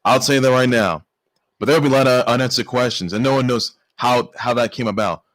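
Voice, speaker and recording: A man hosting a sports news show, talking excitedly and stammering through restarts and exclamations. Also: mid-range voice, quick pace, dry recording. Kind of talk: casual sports news commentary.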